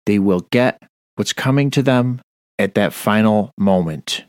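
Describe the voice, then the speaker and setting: A man's voice: on the low side, unhurried, darkish tone, clean tone, no room sound, clean studio sound. A man preaching a Bible study on a radio show, earnest and stern, reading scripture aloud. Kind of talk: sermon-style Bible study.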